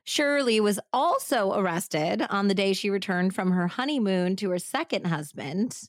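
Female true-crime podcast host, twang, chatty and giggly, mid pitch, dry close mic. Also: expressive, normal speed, no echo. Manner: casual, laughing often, puts on a Southern drawl for quotes.

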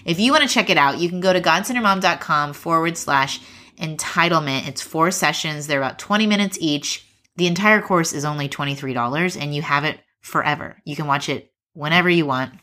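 A woman's voice: low voice, fairly quick, pushed and bright, dry recording. A woman hosting a faith-based parenting podcast, talking in an earnest, chatty way and laughing easily. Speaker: podcast host. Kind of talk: casual podcast chat and ad read.

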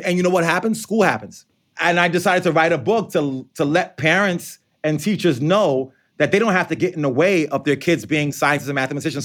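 Male author being interviewed, slightly high pitch, animated and chatty. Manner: animated, conversational, acts out quotes. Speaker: author and educator. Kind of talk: interview answers.

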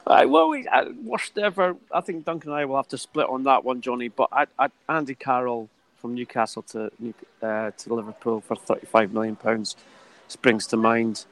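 A man's voice: mid-range voice, flat delivery, normal speed, fairly bright tone, poor audio. A man who works as a football journalist, telling transfer anecdotes in a chatty way and laughing often. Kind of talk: podcast discussion.

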